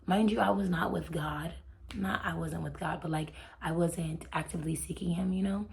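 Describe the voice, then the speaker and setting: A young woman talks straight to her viewers about her faith, chatty and heartfelt. Her low voice has a gravelly fry to it, and she often sinks to a near whisper. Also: fairly even intonation, normal speed, darkish tone. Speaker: storytime vlogger. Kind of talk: casual faith storytelling to camera.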